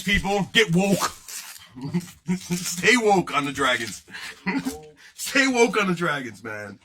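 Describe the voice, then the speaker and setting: A man's voice: sits high, sharp tone. A man hosting a card-breaking livestream, rambling and joking casually with his viewers in chat.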